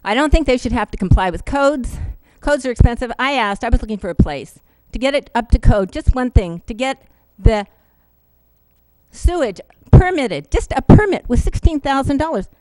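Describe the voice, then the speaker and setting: A woman giving an earnest, emotional public comment at a city council meeting, halting now and then with fillers, into a podium microphone. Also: high voice, expressive, a little mellow, no echo, low-quality recording.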